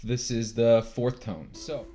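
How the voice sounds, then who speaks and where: Man, mid-range voice, slow and relaxed, walking through a lesson. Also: medium pitch, faint music behind. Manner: relaxed, with frequent fillers and restarts. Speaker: language teacher. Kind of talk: casual explanation.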